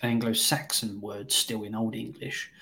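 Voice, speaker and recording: A man's voice: fairly low pitch, steady tone, unhurried, vocal fry, pushed and bright. Blunt, sweary film-review guy. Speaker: film review podcast host. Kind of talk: casual chat.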